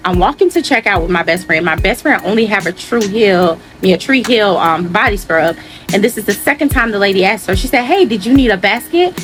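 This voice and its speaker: A young adult woman, a teacher, animatedly retelling an incident in a storytime vlog, acting out the dialogue in a higher voice. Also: lively intonation, fairly quick, faint music behind.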